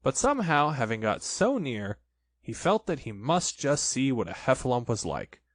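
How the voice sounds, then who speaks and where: A man reading a children's storybook aloud in an expressive, playful way. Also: mid-range voice, moderate pace, no echo. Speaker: narrator.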